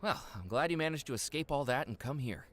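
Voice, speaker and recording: A man's voice: medium pitch, animated, fast, a bit bright, lightly acted. An actor playing a wry male investigator who narrates a video game in a dry manner. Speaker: game character.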